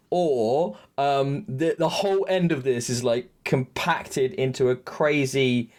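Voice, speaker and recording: A man co-hosting a podcast, chatting casually and excitably on a headset mic, acting out the scenes he describes. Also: mid-range voice, slow pace. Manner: excitable, jokey, acts out scenes. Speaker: podcast co-host. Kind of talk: casual recap chat.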